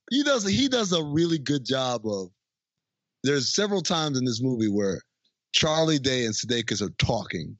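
A man's voice: mid-range voice, a bit bright, dry recording, dull audio. Rambling man in casual chat. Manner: rambling, searching for words. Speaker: podcast host.

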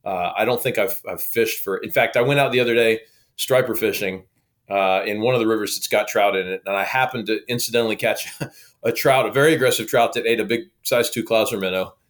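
Man telling a lively fishing story. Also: fairly low pitch, a little fast. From Oklahoma. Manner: lively, acts out quoted dialogue. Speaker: guest. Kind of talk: casual storytelling.

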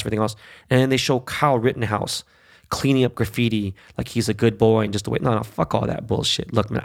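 Podcast host, male, mid-pitched with a gravelly edge; angry profane monologue, punches every point with "okay?". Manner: angry, blunt, heavy swearing, frequent "okay?" and "right?". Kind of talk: profane political rant.

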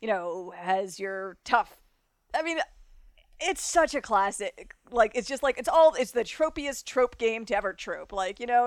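Woman, from South Florida, podcast co-host, chatty, rambling, middle pitch, dry close sound. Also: no echo. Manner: chatty and rambling, many fillers, quick to laugh. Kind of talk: casual podcast chat.

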